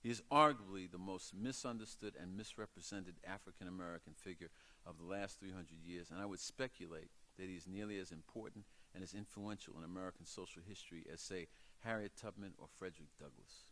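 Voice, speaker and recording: A man, an author, reading aloud from his memoir with expressive, dramatic storytelling. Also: deep voice, a little fast.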